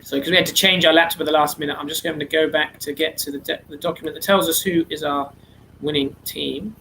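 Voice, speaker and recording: Bright high-voiced man hosting. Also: fairly even intonation, quick pace, gravelly, slight background noise, poor audio. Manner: chatty, slightly flustered, self-correcting. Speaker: quiz host. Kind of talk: online charity quiz, reading answers.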